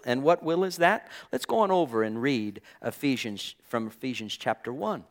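An earnest man teaching a Bible study in a steady, mid-pitched voice. He leans on key words and stretches them out for emphasis. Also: measured pace, few pauses. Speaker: preacher.

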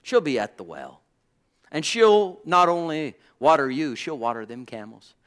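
A man preaching, voicing an old patriarch who calmly reassures his servant in a softer, lower voice. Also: unhurried. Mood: reassuring.

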